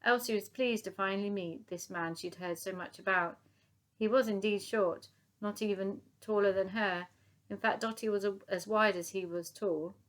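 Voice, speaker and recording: A woman's voice: medium pitch, normal speed. Woman narrating a children's audiobook. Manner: lively, expressive storytelling.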